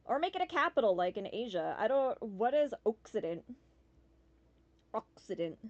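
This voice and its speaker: Lively, chatty woman streamer. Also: on the high side, moderate pace. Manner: chatty and animated, swearing, making playful noises. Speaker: streamer playing a game demo. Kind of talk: casual gameplay commentary. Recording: slightly dull lo-fi sound.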